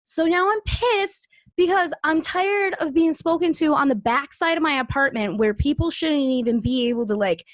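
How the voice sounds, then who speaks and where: Rambling young woman, slightly high voice. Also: moderate pace, hardly any pauses, no room sound, clean studio sound. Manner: rambling, trips over words. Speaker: podcast co-host. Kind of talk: casual chat.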